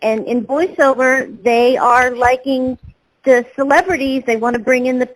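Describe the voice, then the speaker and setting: Voice-actor guest, woman, fairly high voice, loose and rambling, lots of ums. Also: steady tone, normal speed, low-quality recording. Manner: rambling, with many fillers and restarts. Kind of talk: interview answers.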